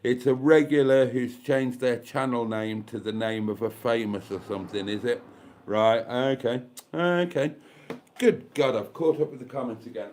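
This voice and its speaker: In a caravan with a gas fire going, a stuffed-up man with a head cold chats on a live stream at a normal speed. His medium-pitched voice is steady and somewhat dark as he reads comments aloud, tossing in dry, self-deprecating remarks.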